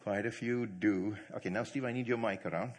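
A man preaching to church leaders, quizzing the audience and telling stories with animated delivery. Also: lowish voice, fairly quick. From not from India. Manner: animated, asks the audience questions, laughs easily. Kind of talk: sermon.

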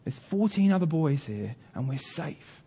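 A man's voice: a little high, big pitch swings, unhurried, warm tone, breathy edge, pitched above the performer's own voice, exaggerated voice. A man voicing a young boy trapped under rubble, calling out to his father.

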